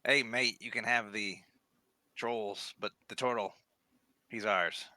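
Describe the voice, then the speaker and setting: A man's voice: lowish voice, steady tone, a little fast, sharp tone, dry recording. A man doing a cocky lizardfolk with a British voice. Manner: brash, jokey put-on British voice.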